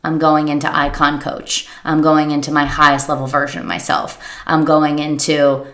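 A woman's voice: sits low, level tone, moderate pace, fairly bright tone. A woman coach giving a motivational talk, emphatic and repetitive, often acting out her clients' anxious inner thoughts. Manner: emphatic, repeats key phrases, acts out clients' worried inner voices. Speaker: business coach.

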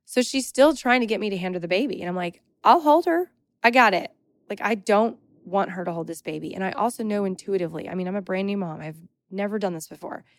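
A woman's voice: mid-range voice, quick pace, few pauses, no echo. A young adult woman hosting a podcast, telling a personal story in an emphatic, indignant, casual way. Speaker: podcast host.

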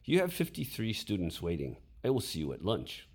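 A man's voice: on the low side, huge pitch swings, brisk, husky, pitched above the performer's own voice, heavily acted. A man voicing a light-hearted male Samoan teacher who is smug and commanding, moving between sweet, near-whispered remarks and barked orders. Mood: brisk. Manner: sweet, nearly whispered, then roaring orders.

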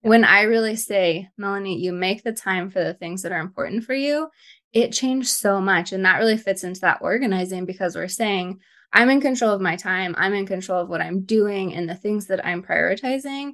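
A woman's voice: mid-range voice, normal speed, fairly bright tone. A woman co-hosting a podcast, speaking in an earnest and reflective way. Her talk is casual and conversational, an everyday voice sharing her view. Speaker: podcast co-host.

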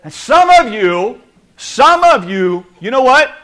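A man preaching a sermon, playful and animated, acting out little scenes with the audience. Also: very high voice, takes it slowly. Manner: animated, playful, acts out quotes. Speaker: pastor.

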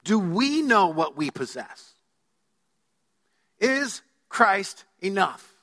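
A man preaches a sermon in a reverberant church sanctuary, his voice high and bright. He is emphatic and keeps putting questions to the congregation. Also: big pitch swings, very slow. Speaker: pastor. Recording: long hall reverb.

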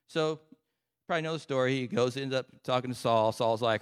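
Conversational male pastor, mid-pitched, recorded with a long hall echo. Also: a little fast, clean tone. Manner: conversational storytelling with casual asides. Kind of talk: sermon.

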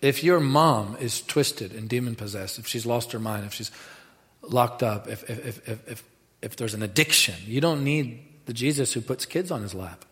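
A man preaching a sermon in a lively, animated way, dropping to quiet asides and rising to loud bursts. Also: medium pitch, normal speed. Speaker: pastor. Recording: reverberant hall.

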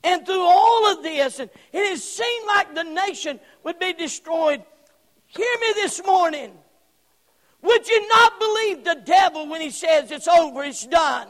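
A man preaching a fiery sermon from the pulpit, swinging between shouts and hushed tones. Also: very high voice, unhurried. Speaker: pastor. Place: church sanctuary. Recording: long church hall reverb.

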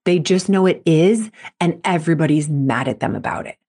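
A woman's voice: deep voice, moderate pace, mellow. A woman hosting a solo podcast as a mental performance coach, talking in a fired-up, emphatic and earnest way.

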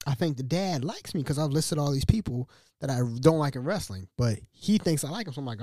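A man hosting a podcast in a loose storytelling monologue. His pitch leaps and dips constantly as he acts out other people, breaking into laughs. The sound is close and dry. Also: expressive, fairly quick, a little mellow, dry recording. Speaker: podcast host.

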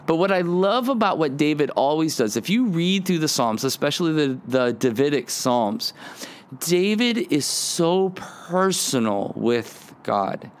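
A man's voice: on the high side, very animated, measured pace, smooth. A man hosting a devotional podcast, teaching in an earnest, conversational way and sometimes acting out prayers. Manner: earnest, conversational, acts out prayers in quoted lines. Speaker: podcast host teaching on the Psalms.

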